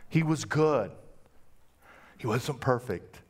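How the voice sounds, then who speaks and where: A man's voice: expressive, takes it slowly, husky. Guy preaching a sermon, chatty storyteller, voice jumps up and down a lot. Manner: folksy storytelling with acted-out quotes and big pitch swings. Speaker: pastor.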